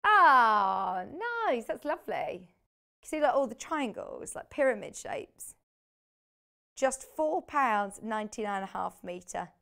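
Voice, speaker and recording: On a live shopping channel in a TV studio, a chatty, bubbly woman walks viewers through products and laughs easily. Her slightly high voice is gravelly, pushed, and bright, with lively intonation and a slow delivery.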